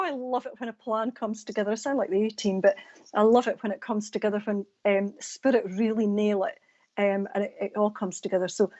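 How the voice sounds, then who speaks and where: Chatty Scottish woman medium, lo-fi stream. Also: mid-range voice. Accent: East Coast Scottish. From Scotland. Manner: chatty, warm sign-offs to viewers. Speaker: psychic medium. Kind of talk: live-stream readings and chat.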